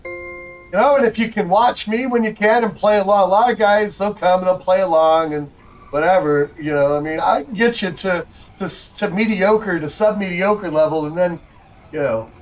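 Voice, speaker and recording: A man's voice: high voice, moderate pace, faint music behind, rough recording. A man hosting a livestream, giving rambling, chatty commentary to viewers while he plays a golf game. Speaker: livestream host. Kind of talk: casual gameplay commentary.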